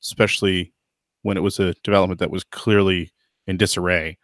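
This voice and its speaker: A man's voice: low-pitched, little pitch movement, fairly quick, a bit bright, dry recording, studio quality. A man hosting a podcast in casual chat, thoughtful and hedging, with lots of fillers and restarts. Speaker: podcast host.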